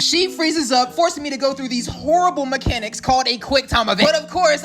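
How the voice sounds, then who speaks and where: High, bright-voiced young man ranting. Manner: animated, sarcastic, swearing, slangy. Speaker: gaming YouTuber. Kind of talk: comedic game recap commentary.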